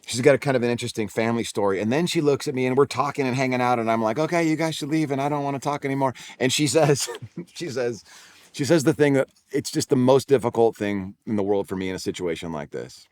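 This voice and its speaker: Speaking fast in a medium-pitched, slightly mellow voice, a forties-aged pastor with a Californian accent shares a personal story from the pulpit of a church auditorium. He's conversational, pokes fun at himself, and frequently restarts.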